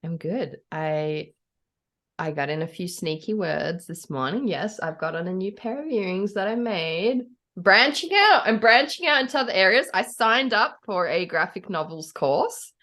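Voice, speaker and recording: A woman's voice: medium pitch, expressive, moderate pace, sharp tone. A woman co-hosting a podcast in casual chat, giggly and hesitant, with a self-effacing manner. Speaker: podcast co-host.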